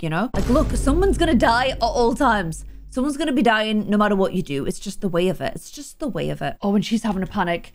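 Young woman, gaming host, lively pitch, faint music under her voice. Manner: excitable, gasping, chatty. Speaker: gaming YouTuber. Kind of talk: casual let's-play commentary.

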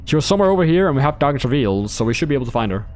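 A young man narrating his own gameplay live with a very animated voice that leaps up and down. He gets excited easily, laughs often and swears freely, chatting straight at the players he chases. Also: mid-range voice, very fast, slight background noise. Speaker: gameplay commentator.

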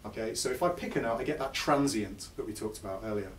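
In a music store, a male guitar clinician teaches a live lesson to an audience, chatty and poking fun at himself, and plays guitar between phrases. He speaks fast in a mid-range voice, and the distant, echoey shop recording carries a little hiss or hum.

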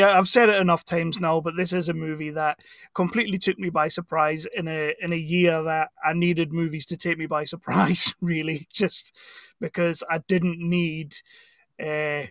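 A man's voice: a little high, a bit bright, no echo, clean studio sound. A man hosting a podcast interview over a video call, enthusiastic and jokey, laughing often. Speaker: podcast host. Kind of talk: casual interview chat.

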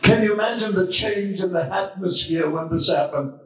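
High-voiced male preacher, slow dramatic telling, far off in a very echoey church. Hushed one moment, shouting the next. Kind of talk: dramatic storytelling sermon. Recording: very echoey room, far from mic.

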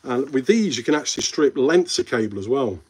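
Husky-voiced Midlands man chatting live. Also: medium pitch, expressive, fairly quick, darkish tone. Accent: English Midlands. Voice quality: friendly banter with viewers, calls them mate. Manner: rambling, reads viewer comments aloud and answers them. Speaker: live stream host. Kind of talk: casual live-stream chat.

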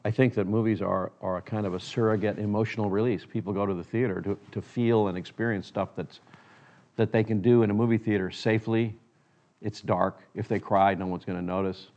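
A man's voice: on the low side, steady tone, fairly quick, darkish tone, highs cut off. An older man, a filmmaker, telling stories in a reflective interview, often quoting others in his anecdotes.

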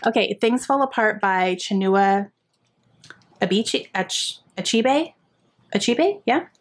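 A young adult woman in casual, excited chat as she unwraps gifts for her book vlog. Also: mid-range voice, unhurried. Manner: excited and chatty, gasping and laughing often. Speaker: book vlogger.

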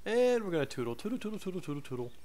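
A man's voice: high voice, sing-song, very fast, darkish tone. A man playing a video game and chatting playfully between lines, in a giggly, silly way. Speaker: gameplay commentator. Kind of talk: playful let's-play chatter.

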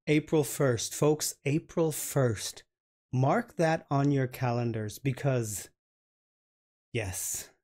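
A man hosting a reaction video, gushing and halting as he comments, often repeating his words. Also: mid-range voice, a little mellow.

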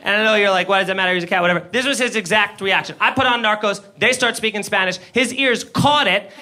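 High-voiced, animated male stand-up comic. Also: quick pace. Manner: animated, swearing, frequent laughs and shouted punchlines. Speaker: stand-up comedian. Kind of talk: stand-up comedy set. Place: comedy club stage before a live audience. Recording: live club room with audience laughter.

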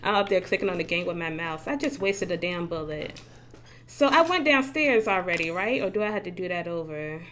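A woman's voice: lowish voice, expressive, a little fast, a bit bright, slight background noise. Chatty swearing woman streaming a game. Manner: chatty, swears freely, laughs often. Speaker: gaming streamer. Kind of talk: casual live-stream chat. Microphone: desk mic with facecam.

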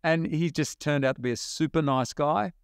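Animated Australian man telling business stories. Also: fairly high pitch, clean tone, no room sound, studio quality. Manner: animated storyteller, quick bursts, laughs. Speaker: podcast guest. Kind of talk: storytelling interview talk.

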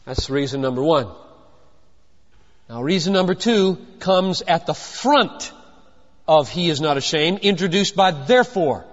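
An older male pastor preaching in a high, very lively voice that leaps between loud emphasis and hushed near-whispers. He is recorded in a large hall with long reverb. The sound is a little dull and lo-fi. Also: unhurried, pauses often. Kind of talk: sermon.

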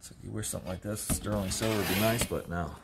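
A man, an auctioneer, giving casual, joking commentary while unboxing, with excited exclamations. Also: lowish voice, quick pace, gravelly. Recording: noisy background with crinkling.

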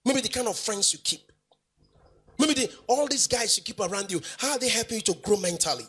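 A man's voice: sits high, lively intonation, brisk, fairly bright tone, husky. A male pastor, preaching emphatically in a sing-song way, repeating phrases and asking the congregation questions. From Nigeria. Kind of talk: preaching sermon.

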